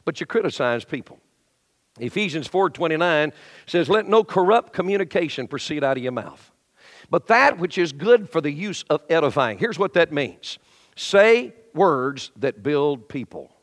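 A middle-aged male pastor preaching a lively sermon in a church, acting out the voices of complainers and shifting to quiet storytelling. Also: a little high, moderate pace. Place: church sanctuary. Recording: long hall reverb.

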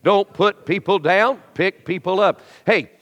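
High-pitched preacher in a reverberant hall. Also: male voice, measured pace. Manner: animated preaching, acts out voices of complainers, drops to quiet intimate storytelling. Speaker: pastor. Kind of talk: sermon. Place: church sanctuary.

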